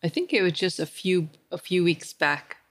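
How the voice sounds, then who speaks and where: A woman's voice: on the low side, normal speed. A woman in a casual podcast conversation, telling stories and livening up when she quotes other people. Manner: storytelling, animated when quoting others.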